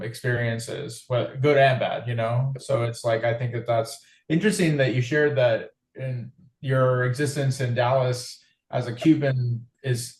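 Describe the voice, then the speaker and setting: Guest: male, Californian accent, relaxed and meandering, medium pitch, echoey room. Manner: laid-back, rambling, repeats words. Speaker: podcast guest, musician. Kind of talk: casual chat.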